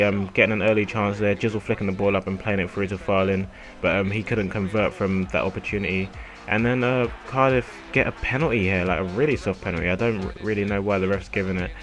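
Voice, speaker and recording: Quick-talking raspy man commentating a game. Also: on the low side, fairly even intonation, fairly bright tone, faint music behind. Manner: chatty, laid-back, many ums and uhs. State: a little ill, hoarse. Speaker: gaming commentator.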